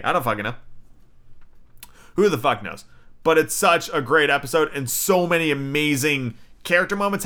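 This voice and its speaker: Dude rambling thru a show review, swears a ton, says like constantly, kinda sharp bright voice. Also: male voice, fairly high pitch. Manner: profane, filler-heavy, frequent "like". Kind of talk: casual rambling commentary.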